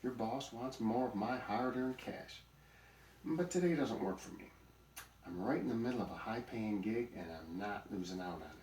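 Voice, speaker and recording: A man's voice: lowish voice, expressive, normal speed, darkish tone, a little hiss or hum, close to an everyday voice. A man voicing a grumpy, greedy male donkey in a storybook, grumbling and sarcastic. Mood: irritated. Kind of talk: storybook character voice. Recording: roomy recording, mic at a distance.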